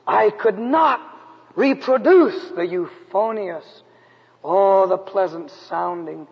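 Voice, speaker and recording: A man preaching a personal testimony in a sermon, moving from loud, raised lines to hushed, quiet ones. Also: sits high, takes it slowly, gravelly, slightly rough. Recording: dull lo-fi recording with long hall reverb.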